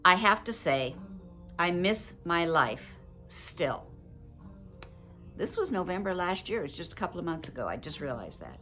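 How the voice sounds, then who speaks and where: Gentle older woman, reflective vlog. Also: lowish voice, very animated, a little slow, faint music behind. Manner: reflective, gentle, earnest and emotional. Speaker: widow sharing advice with her viewers. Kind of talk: personal heartfelt vlog talk.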